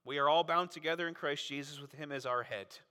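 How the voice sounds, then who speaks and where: A man preaching a sermon as pastor, animated and full of rhetorical questions. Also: fairly high pitch, quick pace, smooth. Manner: animated, frequent rhetorical "right?" asides. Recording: long reverb of a large hall.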